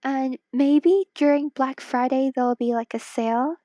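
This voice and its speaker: Woman streamer, excitable casual chat, dry close sound, earbud mic. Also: high-pitched, unhurried, dry recording, muffled recording. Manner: chatty, giggly, excitable. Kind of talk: casual chat with viewers while drawing. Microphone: wireless earbuds.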